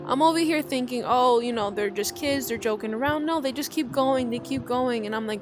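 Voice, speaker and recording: A young woman tells a long rambling story to a group of friends, swearing freely and restarting her sentences often. Her voice sits a little high. Music plays clearly behind her. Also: expressive, normal speed. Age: young adult. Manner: rambling, profane, frequent restarts.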